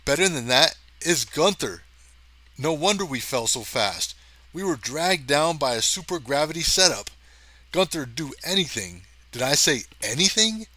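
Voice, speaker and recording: A man voicing an excitable young male space cameraman for a storybook reading, speaking in an urgent, raised voice. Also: on the high side, moderate pace, pitched above the performer's own voice, exaggerated voice.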